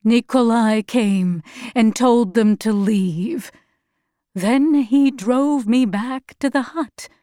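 A woman reading as a weary, gentle mother. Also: fairly high pitch, no echo, clean studio sound. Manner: soft, slow and weary. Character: sick, gentle mother, middle-aged woman.

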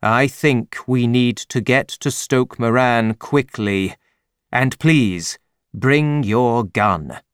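A man reading an audiobook, voicing a calm, clever detective with a measured, dryly ironic manner. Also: mid-range voice, smooth, no echo, studio quality.

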